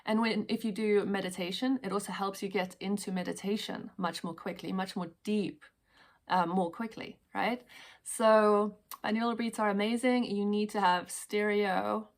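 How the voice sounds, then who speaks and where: A woman talking casually and gently to camera about self-help habits, chatty and full of fillers and repetitions. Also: mid-range voice, fairly even intonation, normal speed. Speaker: wellness vlogger. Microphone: headphones on.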